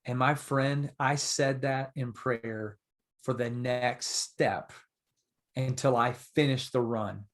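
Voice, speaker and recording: A man guesting on a podcast, telling stories in a casual, animated and earnest way. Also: mid-range voice, measured pace. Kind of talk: casual storytelling.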